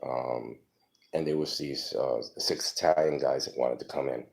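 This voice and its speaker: A man in his forties telling stories from his life in a casual, rambling way, halting with many ums. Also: very deep voice, fairly even intonation, creaky, a little mellow. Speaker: storyteller. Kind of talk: casual personal storytelling.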